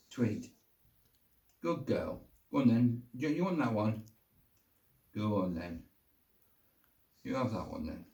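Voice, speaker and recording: A man's voice: fairly low pitch, lively intonation, takes it slowly, long pauses, dark tone. Older man coaxing his pet bird. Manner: coaxing, affectionate sing-song pet talk. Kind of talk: baby talk to a pet bird. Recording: roomy sound, distant from mic.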